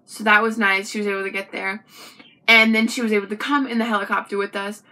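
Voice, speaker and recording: At a quick pace and medium pitch, a young woman relays a personal story to her camera as a vlogger. She keeps it chatty and animated, frequently speaking directly to the viewer.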